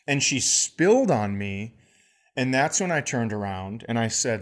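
Animated man telling a comic story. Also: medium pitch, measured pace. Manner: animated storyteller acting out quoted people. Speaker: podcast co-host. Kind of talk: casual comedic storytelling.

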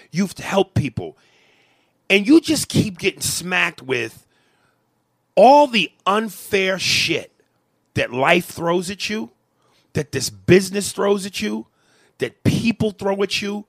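A man's voice: sits high, lively intonation, slow pace, no echo. A man, a comedian hosting a podcast, venting in a heated, profane way during a conversation.

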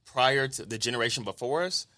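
A man's voice: medium pitch, fairly quick, bright, forceful tone. A young American man co-hosting a podcast, frank and profane as he explains his views. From United States. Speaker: podcast co-host. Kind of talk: casual chat.

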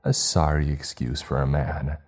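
A man voicing a creature that mimics a young woman, soft and sweet at first, then scornful and screaming. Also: extremely low pitch, little pitch movement, normal speed, soft background music. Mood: venomous.

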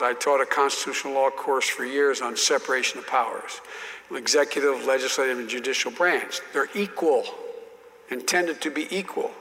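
A man's voice: on the high side, a bit bright, big-room sound. An older man telling stories as an interview guest, with frequent restarts and repeated words. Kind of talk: storytelling in an interview.

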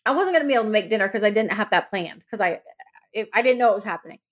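A woman co-hosting a casual podcast chat, telling a story and acting out the lines with big jumps in her voice. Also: rapid-fire. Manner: animated, acts out quoted lines with big pitch jumps. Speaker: podcast co-host.

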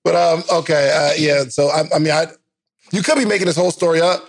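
A man's voice: on the high side, fast talker, creaky. A man co-hosting a podcast in casual chat, laughing a lot and teasing playfully. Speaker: podcast co-host.

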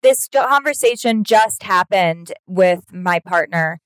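A woman's voice: lowish voice, animated, takes it slowly, no echo. A woman in her thirties hosting a podcast, reflective in casual chat, telling stories with quoted dialogue.

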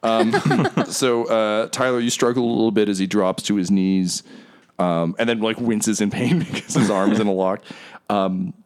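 A man's voice: fairly low pitch, fairly even intonation, normal speed. A man running a tabletop game as game master, narrating casually with many hesitations.

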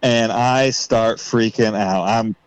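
Excited man telling a story. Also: lowish voice, slow pace, smooth, dry recording, poor audio. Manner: excited storyteller, reenacts his own thoughts. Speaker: podcast guest. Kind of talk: casual storytelling.

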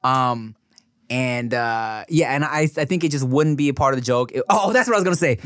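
A man's voice: mid-range voice, fairly quick, fairly bright tone, smooth, dry recording, clean studio sound. An American man in his thirties co-hosting a podcast, talking in a loose, profane way and laughing often. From United States. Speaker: podcast co-host. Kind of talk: casual chat.

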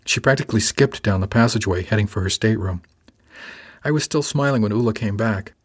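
A man narrating a story in the first person, in a calm, dryly witty manner. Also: fairly low pitch, quick pace, slightly rough. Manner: calm, dry wit. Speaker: audiobook narrator.

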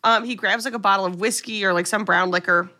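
A woman's voice: mid-range voice, fairly even intonation, fast talker, bright, forceful tone. A woman co-hosting a podcast, recapping a movie in casual chat and swearing freely as she tells the story.

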